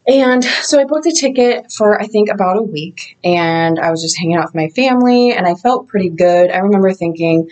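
A woman's voice: mid-range voice, lively intonation, a little fast, hardly any pauses, a little mellow. A woman vlogger telling her own story in a candid, reflective way, with loose casual phrasing. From Indiana. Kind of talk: casual first-person storytelling.

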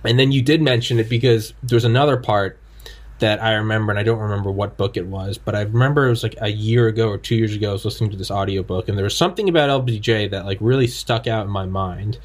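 A low-pitched man hosts a casual podcast interview. He tells stories in a loose, rambling, animated way, full of fillers and restarts. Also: fast talker. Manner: rambling, animated storytelling with frequent filler words. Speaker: podcast host.

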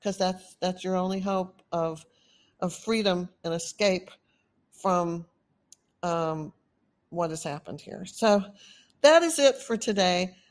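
Slow, earnest Texan woman. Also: fairly low pitch. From Texas. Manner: earnest, urgent and rambling, with many fillers. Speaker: podcast host. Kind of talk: motivational podcast monologue.

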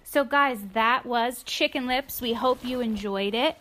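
A woman's voice: a little high, measured pace, sharp tone. A woman hosting a family podcast, reading a children's storybook aloud at home.

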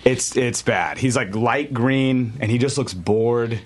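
A man's voice: mid-range voice, slow, slight background noise. A man chatting casually, with dry, wry remarks. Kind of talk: casual chat.

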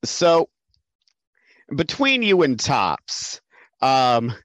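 A man's voice: mid-range voice, very animated, extremely slow, a bit bright, no room sound. A man running a tabletop game as game master, patiently explaining the rules and narrating the scene.

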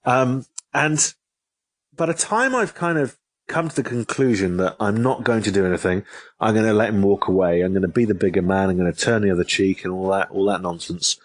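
A man, an author telling a story in an interview, lively and given to repeating and restarting his phrases. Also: on the low side, fairly quick, no room sound. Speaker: author and guest.

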